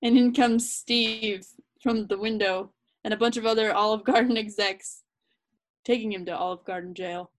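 A woman's voice: medium pitch, fairly even intonation, normal speed. A woman co-hosting a comedy podcast, narrating an improv sketch with frequent laughter.

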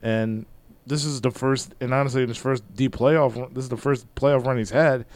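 A man's voice: medium pitch, fairly even intonation, normal speed, darkish tone. A man from Philadelphia co-hosting a sports podcast, giving analytical takes in casual chat and running long points together.

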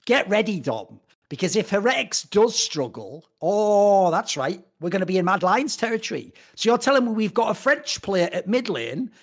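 A British man co-hosting an esports chat, ranting in a profane, animated way. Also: high-pitched, moderate pace. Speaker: esports co-host. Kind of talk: casual podcast chat.

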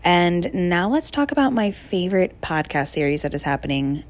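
A woman's voice: fairly low pitch, sing-song, normal speed. A young woman hosting a casual solo podcast, chatty and gushing with lots of fillers. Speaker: podcast host.

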